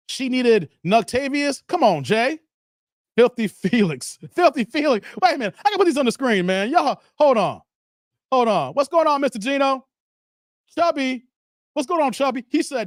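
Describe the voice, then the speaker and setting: Man hosting a lively live stream. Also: very high-pitched, measured pace, no echo, studio quality. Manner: animated, laughs often, reads viewer messages aloud. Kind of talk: casual live stream reaction chat.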